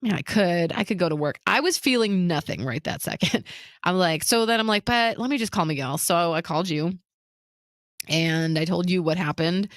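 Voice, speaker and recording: Her lowish voice runs at normal speed, captured cleanly in the studio with no room sound. The podcast co-host tells a personal story on a laid-back talk show, giving an animated retelling that mimics others' words, with nervous laughter throughout.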